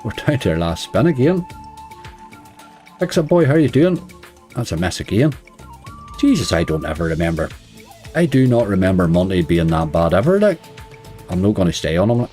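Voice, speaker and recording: A middle-aged Northern Irish man chats casually on a live stream as he plays online slots, grumbling at the game. He sounds very animated and fairly quick, his low voice a little mellow, over faint background music.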